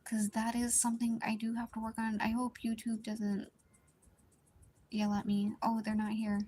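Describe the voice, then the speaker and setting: A young woman chatting casually on a live art stream, talking quietly and rambling with many likes and restarts. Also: completely flat delivery, normal speed, a little hiss or hum. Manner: speaks quietly at low volume, partly whispering. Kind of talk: casual live-stream chat while drawing.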